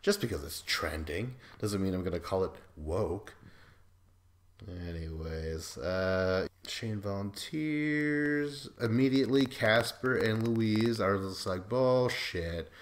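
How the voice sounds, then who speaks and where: A young man with a somewhat low voice hosts a podcast in a loose, rambling monologue. He swears freely and slips into mocking impressions of the people he talks about. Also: expressive, slow. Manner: profane, rambling, acts out quotes in mocking voices. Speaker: podcast host. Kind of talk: casual recap monologue.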